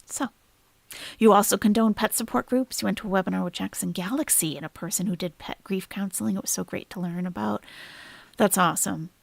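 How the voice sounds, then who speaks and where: Gravelly woman reacting on a livestream. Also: mid-range voice, a little fast, no room sound. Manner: chatty, swings from soft sympathy to blunt profane ranting. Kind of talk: casual livestream commentary.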